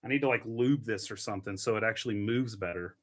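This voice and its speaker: A young man hosting a casual coffee-brewing vlog, chatty and quick to grumble at his equipment with mild curses. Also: on the low side, very noisy. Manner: chatty, mild cursing, gets frustrated with gear. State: annoyed. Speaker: coffee channel host.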